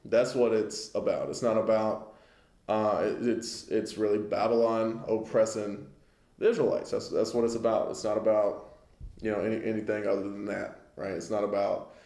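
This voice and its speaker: A man's voice: fairly low pitch, fairly even intonation, moderate pace, creaky, warm tone, echoey room. A man giving a casual lesson on the news, talking it through conversationally and often checking in with listeners. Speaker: Bible class teacher.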